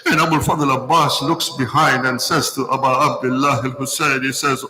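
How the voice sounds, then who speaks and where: A man's voice: mid-range voice, normal speed, hardly any pauses, pushed and bright, rough recording. A man giving a sermon, telling a mourning narrative with emotive storytelling, stretching phrases and voicing the quoted words of its figures. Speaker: speaker at a Muharram majlis.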